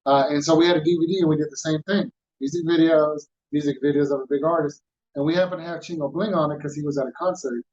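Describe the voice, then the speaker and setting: A man's voice: a little high, fast talker, muffled recording. A man from Houston, a podcast guest, telling stories casually with slang and acting out what others said. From Houston, Texas. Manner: animated storyteller, acts out quoted voices, street slang. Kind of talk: casual storytelling.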